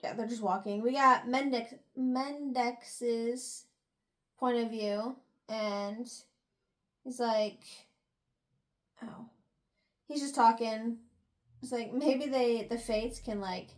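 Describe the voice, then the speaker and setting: A woman's voice: on the high side, slow, long pauses. A young woman chatting casually as she retells a novel's chapters, filling her talk with "like" and "you know" between laughs and sighs. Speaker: book reviewer. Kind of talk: casual chat, retelling a book.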